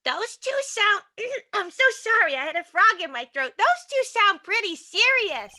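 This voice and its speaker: A woman's voice: very high voice, very animated, normal speed, bright, forceful tone, heavily acted. A woman voicing an eager, wide-eyed young female sidekick in a fan dub of a game. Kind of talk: fan voice acting of a game playthrough.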